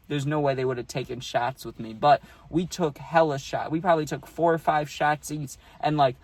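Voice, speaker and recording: A man casually telling a story for his vlog, laid-back and slangy, saying "dude" a lot, recorded outdoors on a phone. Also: a little high. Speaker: YouTube storyteller. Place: outdoors on a hot day.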